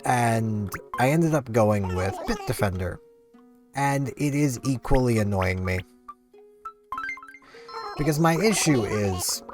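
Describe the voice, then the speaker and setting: A sleepy man rambling chattily through casual gameplay commentary. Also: medium pitch. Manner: rambling, chatty, easily amused. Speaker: gaming channel host.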